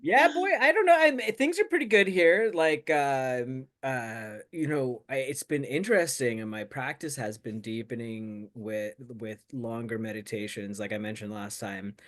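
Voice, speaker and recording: A man's voice: medium pitch, normal speed, hardly any pauses, fairly bright tone. A man talking in a casual, rambling way full of fillers, reflecting on his meditation practice as a show co-host. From United States. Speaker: co-host of a Buddhist talk show. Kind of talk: casual chat.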